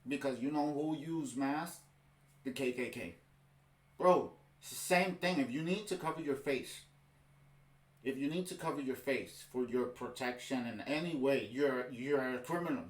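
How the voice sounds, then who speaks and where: A man's voice: medium pitch, moderate pace. Heated man ranting in a roomy echo. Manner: heated, exasperated, keeps saying "bro". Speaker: reaction video host. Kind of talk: ranting commentary over a clip.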